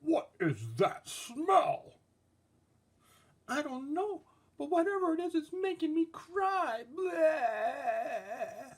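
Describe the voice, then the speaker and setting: A man voicing a squeaky, weepy cartoon-style talking object that whines in a drawn-out, sobbing way. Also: sing-song, heavily acted. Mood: whiny disgust.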